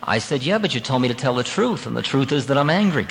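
A man giving a spiritual talk, telling a personal story in a lively, conversational way and laughing at himself now and then. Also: mid-range voice, quick pace, vocal fry, in a large hall, slight background noise, low-quality recording. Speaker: spiritual teacher.

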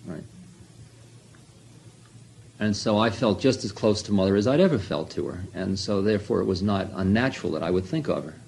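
A man's voice: fairly low pitch, expressive, fairly quick, vocal fry, pauses often, a little mellow, a little hiss or hum, low-quality recording. A man telling a rambling first-person story, full of asides and self-mocking remarks.

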